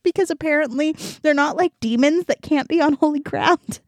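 A woman's voice: high-pitched, moderate pace, few pauses, no room sound. A young woman hosting a podcast, casually retelling a story with a rambling, giggly manner and many fillers. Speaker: podcast host. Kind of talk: casual chat.

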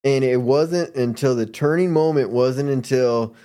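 A man's voice: mid-range voice, unhurried, dark tone. Laid-back slangy man telling a story. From Arizona. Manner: laid-back, slangy, mimics people in his stories. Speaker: podcast guest. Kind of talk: casual storytelling.

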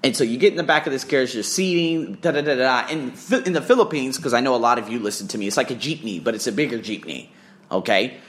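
A man telling a travel story in a casual vlog, profane and excitable, swearing freely as he talks. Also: mid-range voice, fast. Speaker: vlogger and English teacher.

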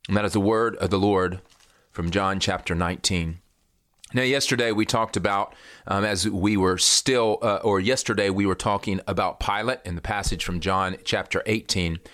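A man leading a daily devotional as pastor, reading scripture and reflecting in a relaxed way, with frequent pauses and fillers. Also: on the low side, no echo.

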